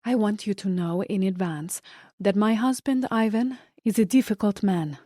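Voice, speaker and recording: A woman's voice: medium pitch, moderate pace, mellow, dry recording, studio quality, close to an everyday voice. A woman putting on a Colombian-accented glamorous woman. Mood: earnest.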